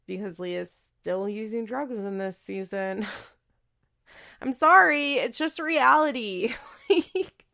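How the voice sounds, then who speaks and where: Blunt woman with a gravelly voice. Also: fairly high pitch, fairly bright tone. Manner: blunt, profane, frequent "like" fillers. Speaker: reality TV recap podcaster. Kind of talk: casual commentary.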